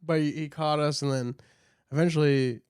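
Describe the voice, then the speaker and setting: A man's voice: a little high, fairly even intonation, normal speed, a little mellow, clear, resonant tone, no room sound, clean studio sound. A man co-hosting a podcast, telling a story in a loose, rambling way and trailing off with fillers. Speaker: podcast co-host. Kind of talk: casual chat.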